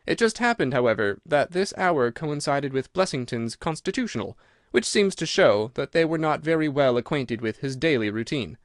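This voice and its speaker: A man voicing a sharp, assured detective who explains his reasoning in clipped, crisp sentences. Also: medium pitch, lively intonation, moderate pace, no room sound, studio quality, natural voice. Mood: explaining. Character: sharp, cool male detective, brisk and assured.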